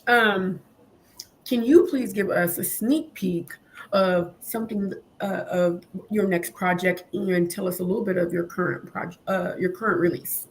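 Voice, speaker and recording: Emotional woman host, lower voice. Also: steady tone, measured pace, slight background noise. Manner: emotional, heartfelt. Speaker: interview host. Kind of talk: casual interview talk.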